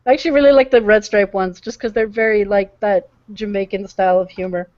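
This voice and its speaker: A woman's voice: mid-range voice, quick pace, a little hiss or hum. A woman chatting on a podcast, talkative and amused, swearing now and then. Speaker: podcast co-host. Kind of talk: casual chat. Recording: dull lo-fi podcast audio.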